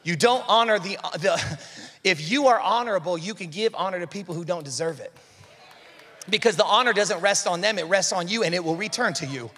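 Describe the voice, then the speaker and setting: A male pastor delivers a sermon with a bright, high, forceful voice. He talks to the congregation directly and conversationally, then builds to fervent, emphatic exhortation. The sound carries a long reverb from the church hall. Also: a little fast, a faint crowd, a little hiss or hum.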